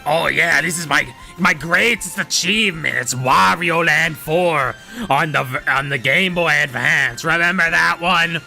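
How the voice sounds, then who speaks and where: A man doing a loud, slow, groaning impression of a gassy, greedy cartoon villain. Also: on the high side, creaky, faint music behind, exaggerated voice.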